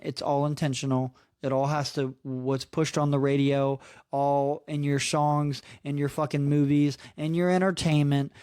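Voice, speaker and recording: A man's voice: fairly high pitch, darkish tone, dry recording, studio quality. A man in his thirties hosting a solo podcast, ranting in a casual, profane, frustrated way and peppering his talk with "dude" and "man". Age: 30s. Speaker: podcast host.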